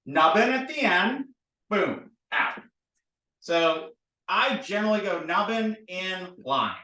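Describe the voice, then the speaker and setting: In a roomy recording made from a distance, slightly off-mic, a man with a high-pitched voice speaks slowly. He's a language teacher leading a lesson on drawing letters, animated and playful, drilling the sounds repeatedly.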